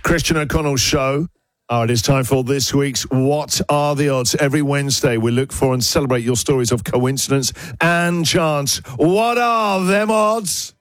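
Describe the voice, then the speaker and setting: A man hosts a breakfast radio show and talks in a playful, excitable way. His voice is close and dry, with no room sound at all. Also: mid-range voice, moderate pace, no echo. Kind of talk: casual radio chat.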